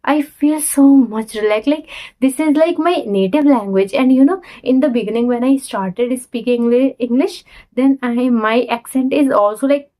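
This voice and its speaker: A young Indian woman speaks straight into her phone camera in earnest learner English, stopping and restarting her sentences as she goes. Her voice sits a little high for a woman. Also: normal speed, mellow, rough recording. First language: Hindi. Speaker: vlogger. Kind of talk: casual talk to camera.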